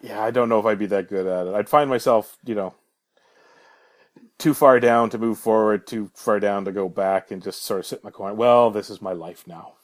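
A man's voice: on the low side, fairly quick. Easygoing man with dry humor. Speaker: podcast co-host, game developer. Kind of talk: casual banter.

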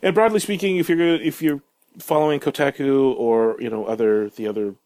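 A man's voice: mid-range voice, fairly quick, darkish tone, no echo. A man hosting a casual podcast, easygoing and steering the topics. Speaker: podcast host.

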